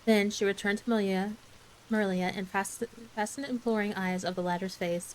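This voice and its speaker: Soft-spoken woman reading a bedtime story. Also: medium pitch, steady tone, fairly quick, a little hiss or hum, low-quality recording. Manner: gentle, soft-spoken narration.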